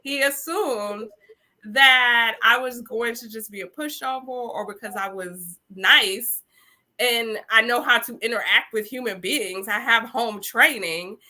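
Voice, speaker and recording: A woman in her forties, an attorney as a guest in an interview, telling lively stories and laughing easily. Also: mid-range voice. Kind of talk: casual interview chat.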